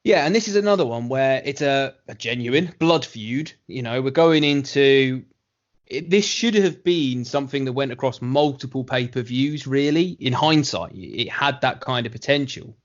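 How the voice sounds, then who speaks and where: A man co-hosting a casual podcast review, talking in a measured, musing way with hedges. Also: medium pitch, expressive, lo-fi sound. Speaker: podcast co-host.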